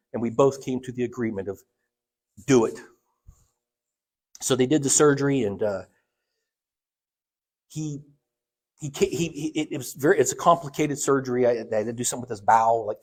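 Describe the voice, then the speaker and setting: A man's voice: medium pitch, a little fast, pauses often, darkish tone. A middle-aged man from Ohio, a church elder preaching a sermon, telling personal stories in a conversational way with restarts and acted-out voices. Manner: conversational, acts out quoted voices, many restarts.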